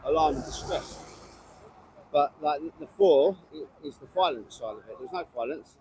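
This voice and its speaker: A man telling an indignant story in a fast, animated street interview outdoors. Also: on the high side, a little hiss or hum, rough recording. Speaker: guest, fellow online streamer.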